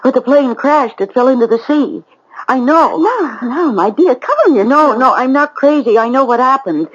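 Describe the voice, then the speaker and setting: An actress playing a bewildered woman, the lone survivor of a plane crash, recalling it in a hushed, dazed way. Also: high voice, lively intonation, moderate pace. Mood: frantic. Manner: hushed, dazed, breathless recollection. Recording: lo-fi radio drama recording with music.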